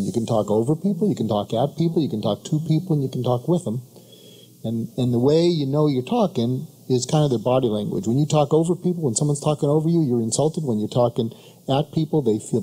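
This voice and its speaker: A man talks as a guest in a radio studio. His voice is husky and mellow. He is soothing and calm, but often halts and restarts his sentences. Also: medium pitch. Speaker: guest speaker and trainer. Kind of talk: casual radio interview.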